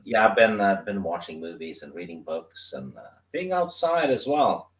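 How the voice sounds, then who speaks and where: A man's voice: fairly low pitch, big pitch swings, moderate pace. A male guest in casual chat, laid-back and wry. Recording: roomy, distant from mic.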